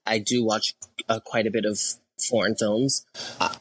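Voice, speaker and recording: A man's voice: on the low side, flat delivery, normal speed, breathy edge, no echo. A young adult man, a podcast guest, talking candidly and swearing casually in easy conversation. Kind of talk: casual chat.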